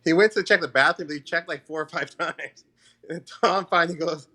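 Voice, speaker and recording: A man's voice: fairly high pitch, bright, forceful tone. A man comedian telling road stories on a video call, laughing as he talks. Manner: rapid, laughing anecdote teller. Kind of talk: casual comedic chat.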